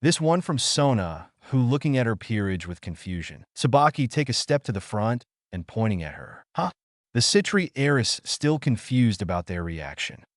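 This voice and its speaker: A man's voice: medium pitch, sing-song, moderate pace, hardly any pauses, no echo, clean studio sound. A man reading fan fiction aloud, with chatty asides to the listener.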